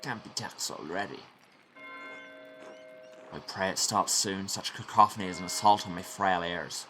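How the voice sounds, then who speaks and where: A grumbling, frail old monk who complains about everything in a weary, low drone, as a man reads him out. His complaints ride over steady game music in the background. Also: normal speed, lightly acted.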